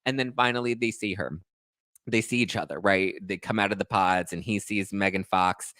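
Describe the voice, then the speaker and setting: A man in his thirties hosts a podcast, recapping and gossiping in a sassy, chatty way, laughing often and slipping into little acted-out quotes. His voice sits fairly low for a man. The sound is dry and close, with no room around it. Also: moderate pace, bright, forceful tone, no room sound. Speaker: podcast host. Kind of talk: casual gossip recap chat.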